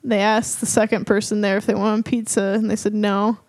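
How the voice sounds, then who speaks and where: A woman co-hosting a casual podcast, retelling posts in an animated way and laughing often. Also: medium pitch, brisk, dry recording. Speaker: podcast co-host.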